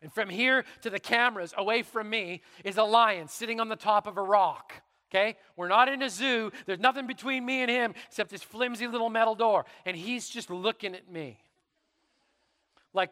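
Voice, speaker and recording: A middle-aged man preaching a sermon in church, telling stories dramatically and dropping to a hush for emphasis. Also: sits high, normal speed, in a large hall. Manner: dramatic, animated storytelling with sudden drops to quiet. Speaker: pastor.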